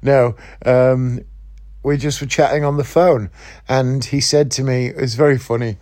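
A podcast host from northeast England, with a slight accent from there, speaks in a mid-range, a little mellow voice, at a measured pace with fairly even intonation. He hosts a casual morning podcast from his bed at home, sounding groggy and just woken up as he rambles chattily and mocks himself.

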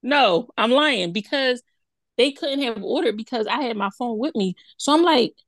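A woman's voice: a little high, moderate pace, dry recording. A woman co-hosting a podcast, telling a story in casual chat and acting out her own reactions. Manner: animated, acts out her own reactions in quotes. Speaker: podcast co-host.

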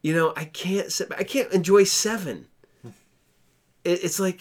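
A man's voice: high-pitched, unhurried. A man co-hosting a casual podcast chat, rambling with many restarts and crude jokes. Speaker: podcast co-host.

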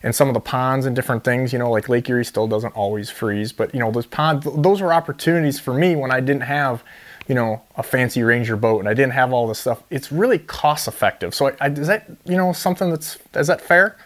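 A man from Ohio who hosts a fishing show, telling long, animated stories in casual chat with lots of fillers. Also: medium pitch, a little fast. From Ohio, USA. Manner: rambling storyteller, animated with many fillers.

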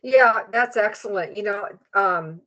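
Lively female co-host telling anecdotes, average-pitched voice on dull audio. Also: measured pace. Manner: animated, retelling stories with quotes. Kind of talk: conversational storytelling.

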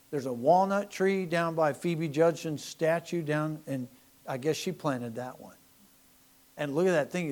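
A middle-aged man preaching a sermon, animated, swinging from loud emphasis to soft asides. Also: on the high side. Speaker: pastor.

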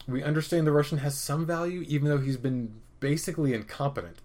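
A medium-pitched male podcast host casually recaps a TV episode, opinionated and profane. He rambles and restarts, lurching between loud rants and muttered asides.

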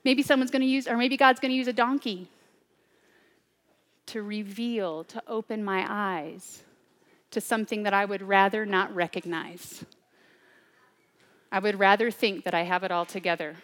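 A woman preaching a sermon, swinging between loud, urgent declarations and hushed, near-whispered asides. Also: mid-range voice, fairly even intonation, normal speed, long pauses, in a large hall.

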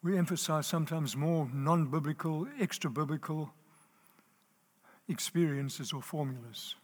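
A man preaches a sermon to a live audience, speaking emphatically, repeating key phrases and checking whether listeners are still with him. His husky voice is fairly high-pitched and a little slow. The long reverb of a large hall surrounds the recording.

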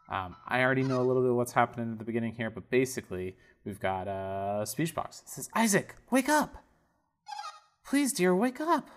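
Against background noise, a man with a lowish, fairly bright voice runs a let's-play podcast. He's chatty and voices the game's lines as he plays.

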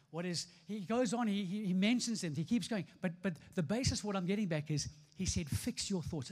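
The pastor's voice is high with a darkish tone, moving a little fast and rarely pausing. Preaching emphatically before his congregation, he repeats phrases and calls for responses, and the hall reverb trails on.

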